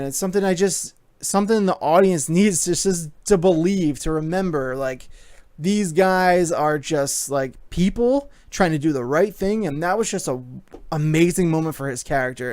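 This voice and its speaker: A man giving a casual movie review, excited and rambling, with lots of fillers. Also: on the high side, no room sound, clean studio sound.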